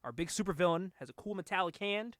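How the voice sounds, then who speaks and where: A man hosting a casual podcast chat, retelling a movie in an animated way, acting out the characters' lines and laughing often. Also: high voice, quick pace, no echo, studio quality. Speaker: podcast host.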